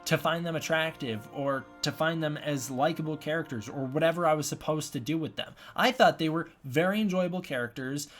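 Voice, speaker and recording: A man's voice: a little high, fairly quick, few pauses, faint music behind. A man giving a casual spoken film review, rambling and often restarting his sentences. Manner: rambling, repeats and restarts himself.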